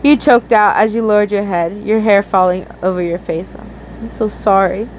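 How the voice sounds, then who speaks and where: A woman's voice: mid-range voice, fairly even intonation, normal speed, slight background noise, rough recording. A young woman earnestly reading a romantic fan story aloud, often stumbling and restarting words. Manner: earnest, with frequent slips and restarts. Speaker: fanfiction reader.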